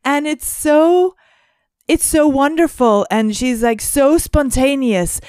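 A woman co-hosting a podcast, musing aloud with frequent pauses and restarts. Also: sits high, darkish tone, no room sound, studio quality. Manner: hesitant, many fillers and restarts, musing. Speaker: podcast co-host. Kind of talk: casual podcast chat.

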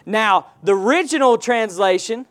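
A man's voice: high voice, animated, moderate pace, fairly bright tone. A male pastor preaching a sermon, firing rhetorical questions and call-and-response prompts at his congregation.

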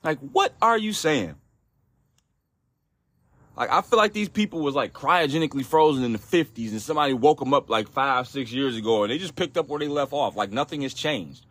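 A man's voice: medium pitch, animated, a little fast, a bit bright, no room sound. A man hosting a solo podcast, ranting in a profane, exasperated way with frequent restarts. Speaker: podcast host.

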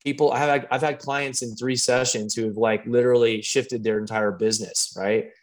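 A man working as a coach, talking casually and telling animated stories with lots of fillers and restarts. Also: mid-range voice, normal speed. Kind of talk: casual conversation.

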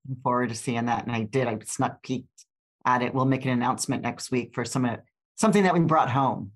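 This is an older woman with a very low, deep voice. She co-hosts a podcast in a loose, rambling way, full of fillers, restarts and side turns. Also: a little fast. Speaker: podcast co-host. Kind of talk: casual chat.

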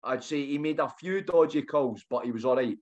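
A man's voice: medium pitch, fairly quick, a little mellow. Scottish man on a dull lo-fi mic. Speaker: podcast co-host. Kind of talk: casual football chat. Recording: dull lo-fi sound.

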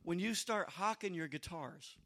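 High, bright-voiced preacher. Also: male voice, animated, normal speed. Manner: emphatic, builds to shouted climaxes then drops to quiet asides. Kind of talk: sermon.

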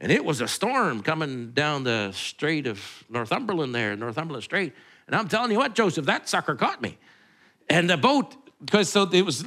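A man's voice: fairly high pitch, fairly bright tone. A male pastor, preaching in a conversational, rambling way full of asides and restarts. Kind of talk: sermon.

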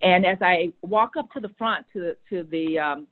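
A woman's voice: on the low side, normal speed. A woman tells a personal story in an easy, conversational way. She livens it up by acting out the voices of the people in it. Her voice comes through a thin, phone-like line. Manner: animated, acts out quoted voices. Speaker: guest telling a story.

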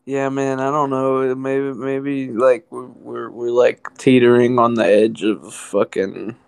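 A laid-back young co-host who rambles through a casual chat with plenty of swearing. His voice is gravelly with a lot of fry, and it sounds dry and close to the mic. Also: mid-range voice, little pitch movement, takes it slowly, dry recording. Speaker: podcast co-host.

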